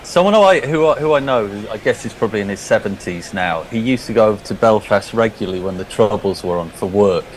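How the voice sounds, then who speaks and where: A man's voice: on the low side, animated, quick pace, hardly any pauses, a little hiss or hum, poor audio. Rambling man telling cricket-box anecdotes. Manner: rambling storyteller, restarts often. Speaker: co-commentator. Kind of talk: anecdotal commentary chat.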